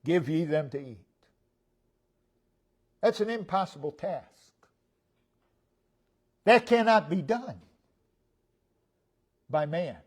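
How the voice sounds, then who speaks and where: A man preaching a sermon as pastor, stressing single words and swinging between loud and soft. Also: high-pitched. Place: church sanctuary.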